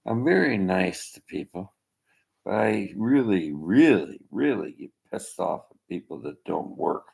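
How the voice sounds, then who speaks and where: A man's voice: low-pitched, expressive, unhurried, vocal fry, a little mellow, roomy sound. An older Canadian man delivering a blunt, cursing rant, laughing between complaints. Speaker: vlogger. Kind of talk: ranting monologue.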